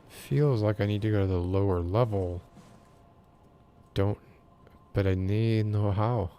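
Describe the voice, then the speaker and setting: A soft-spoken man chatting casually and rambling while streaming a video game. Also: fairly low pitch, measured pace, long pauses, slight background noise. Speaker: game streamer and ASMR creator. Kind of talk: casual livestream chat while gaming.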